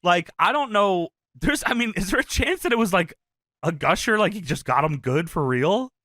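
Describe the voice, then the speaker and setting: A male podcast co-host with a high, bright voice that leaps all over the place. He is excitable and quick to laugh, swearing freely in casual chat, heard close on a dry mic. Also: no echo.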